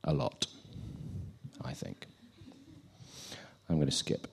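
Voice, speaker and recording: A man's voice: slow, slight background noise. A man giving an informal sermon, chatty and self-deprecating, acting out the scenes he retells.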